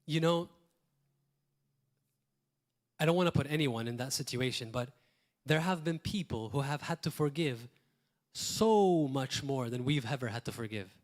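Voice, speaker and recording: A man from Malta preaching a sermon in a church, earnest, asking rhetorical questions and swinging between loud emphasis and quiet asides. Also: medium pitch, moderate pace. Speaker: pastor.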